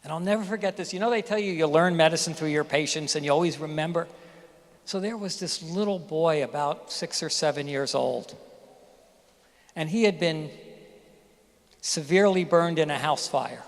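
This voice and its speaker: A middle-aged man addresses a graduating class, telling a personal story candidly and with emphasis. His voice sits a little high for a man. The sound carries a long reverb from the ceremony hall. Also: moderate pace. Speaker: commencement speaker, physician. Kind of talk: graduation speech.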